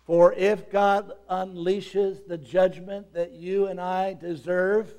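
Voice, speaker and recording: Man preaching with sudden shouted peaks. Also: high-pitched, fairly even intonation, slow pace, few pauses. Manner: dramatic swings from quiet to shouting; reads scripture aloud then expounds. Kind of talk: sermon.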